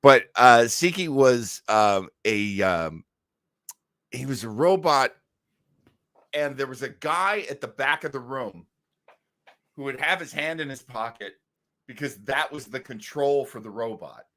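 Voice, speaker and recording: A bright-voiced man co-hosting a casual podcast, his pitch rising and falling freely. He tells long, rambling stories full of restarts. The sound is dry and close to the mic. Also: lively intonation, measured pace, pauses often, dry recording. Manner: rambling storyteller with many restarts. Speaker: podcast co-host. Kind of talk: casual chat.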